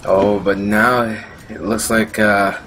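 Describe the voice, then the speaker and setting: A man giving relaxed analysis of a competitive video game match, with a conversational delivery. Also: lowish voice, slow pace, a little hiss or hum. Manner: conversational, hesitant, with fillers and restarts. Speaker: esports commentator.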